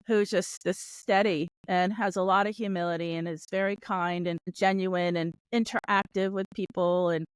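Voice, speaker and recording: A woman's voice: fairly low pitch, steady tone, normal speed, hardly any pauses, clean tone, no echo. A woman hosting an interview podcast, talking in a reflective, chatty way and sharing her opinions. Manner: reflective, chatty, laughs along with the guest. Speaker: podcast host. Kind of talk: conversational interview.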